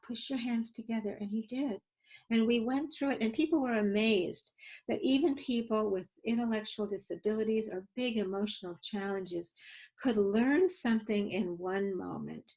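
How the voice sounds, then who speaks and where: A woman safety educator teaches a webinar over video call, telling stories, running live demos and earnestly coaching her audience through exercises. Her medium-pitched voice is a little mellow. The audio is poor.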